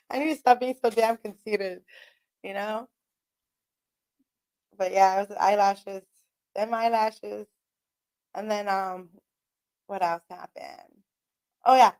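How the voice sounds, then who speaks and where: A woman's voice: mid-range voice, slow pace, pauses often. A woman, hosting a radio show and chatting casually on her own, rambling, swearing and laughing a lot. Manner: rambling, profane, laughs often. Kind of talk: casual solo chat. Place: radio studio.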